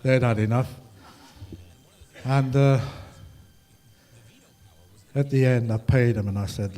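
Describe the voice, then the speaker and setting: Older guy, mellow voice, chatty rambling stories full of ums and uhs. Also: mid-range voice, slow, pauses often. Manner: rambling, chatty storytelling with many fillers and dry humor. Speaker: ragtime musician speaking at a festival. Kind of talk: anecdotal talk to an audience.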